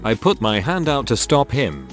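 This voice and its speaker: A man narrating scripted stories in an expressive storytelling delivery. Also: mid-range voice, normal speed. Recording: faint background music.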